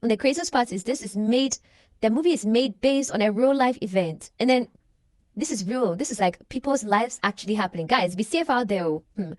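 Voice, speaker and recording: A woman's voice: a little high, expressive, a little fast, dry recording, clean studio sound. A young woman, casually recapping a movie and acting out the characters' lines. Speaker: movie reaction vlogger.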